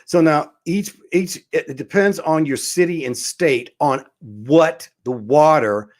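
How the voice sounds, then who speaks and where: A man's voice: fairly high pitch, slow. A man hosts his own talk show and tells a story to the camera. He rambles, starts his sentences over and over, and scatters fillers as he goes, in a casual and conversational way. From Southern California. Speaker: show host.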